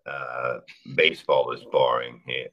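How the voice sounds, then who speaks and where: A middle-aged comedian talking bluntly with lots of swearing in a casual podcast chat. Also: male voice, extremely low pitch, fairly even intonation, a little slow, lo-fi sound. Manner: blunt, profane, storytelling. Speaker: comedian guest.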